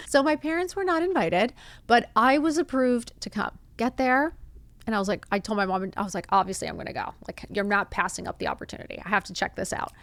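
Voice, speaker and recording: A woman hosting a podcast, telling a personal story in a casual, animated way, acting out quotes and saying "like" a lot. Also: mid-range voice, no echo. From Miami. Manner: animated, acts out quotes, says "like" often. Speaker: podcast host.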